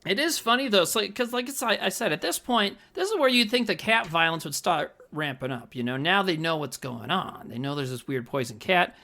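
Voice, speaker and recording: A man's voice: high-pitched, gravelly. A man co-hosting a podcast, chatting casually about a movie, laughing often and acting out scenes. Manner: animated, laughs often, acts out scenes in quick voices. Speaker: podcast co-host. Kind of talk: casual movie-review chat.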